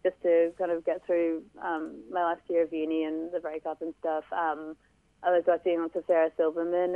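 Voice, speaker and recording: A woman's voice: low voice, dry recording, phone-quality sound. A young woman comedian answering interview questions in a rambling, hesitant way. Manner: rambling, hesitant, many fillers.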